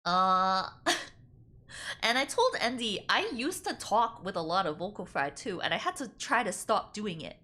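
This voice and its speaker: A woman streamer chatting casually while reacting to a video, animated and quick to laugh, with lots of filler words. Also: mid-range voice. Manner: animated, giggly, breaks into laughter often; chatty, heavy use of 'like'. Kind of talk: casual livestream reaction chat.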